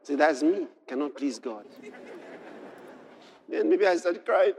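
A man preaching a sermon, telling a personal story and reading scripture, building to impassioned shouts. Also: on the high side, expressive, slow, long pauses, background noise.

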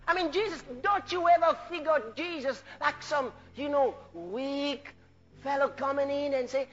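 A man preaching a sermon, animated, breaking into shouts of hallelujah and laughing between phrases. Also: very high voice, moderate pace, lo-fi sound.

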